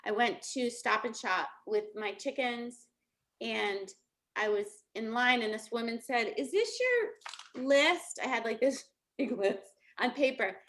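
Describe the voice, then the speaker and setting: A middle-aged woman with a slightly high, somewhat bright voice speaks a little slowly with fairly even intonation. She's a coach delivering an informal motivational talk, telling chatty stories with plenty of laughter.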